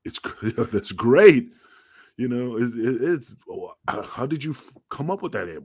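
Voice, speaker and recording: A man's voice: mid-range voice, very animated, a little slow, slightly rough, no room sound. A man co-hosting a casual podcast, rambling through stories, swearing freely and acting out quotes. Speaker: podcast co-host, former wrestler.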